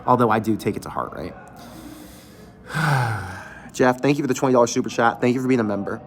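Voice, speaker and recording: A man's voice: mid-range voice, expressive, fairly quick. A man hosting a fan channel livestream, venting candidly with casual swearing from an empty closed restaurant.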